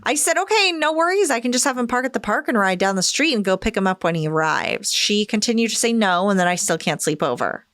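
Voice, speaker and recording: A woman's voice: mid-range voice, animated, quick pace, few pauses, fairly bright tone, no room sound, clean studio sound. A woman podcast host reading a listener's story aloud, expressively acting out the quoted lines.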